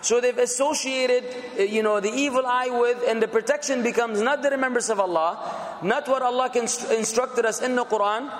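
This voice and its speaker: A man gives a classroom lecture in a high voice, leaning hard on the words he contrasts and rising to sudden fervor. The room rings with echo and a long reverb tail. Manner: emphatic, drawn-out word contrasts, bursts of fervor. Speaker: teacher. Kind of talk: classroom lecture on English for preaching.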